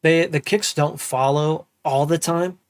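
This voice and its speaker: A young man giving a casual music production tutorial, humming drum patterns out loud as he works. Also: on the high side, a little slow, smooth. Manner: relaxed, hums and sings drum parts aloud. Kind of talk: casual screen-recorded tutorial.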